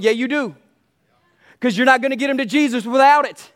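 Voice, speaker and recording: A man's voice: very high-pitched, fast, a bit bright. A man preaching a sermon as pastor, emphatic and repetitive, calling out to his congregation.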